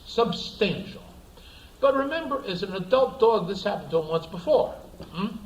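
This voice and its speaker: A man giving a storytelling lecture in an animated way, repeating words for emphasis. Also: sits high, normal speed, echoey room, slight background noise, rough recording. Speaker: speaker, lecturer.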